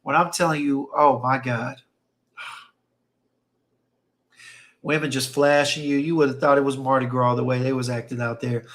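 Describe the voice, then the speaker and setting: A man hosting a livestream reads chat and tells casual stories, speaking emphatically and often repeating phrases for effect. His mid-range voice is fairly bright, with a flat delivery, a slightly slow pace, and frequent pauses.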